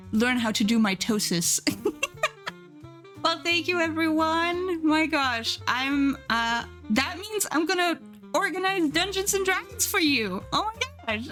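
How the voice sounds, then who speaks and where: A woman's voice: high voice, a bit bright. A young adult woman chatting casually on a live stream while she draws, bubbly and giggly, thanking viewers as she goes. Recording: faint music underneath.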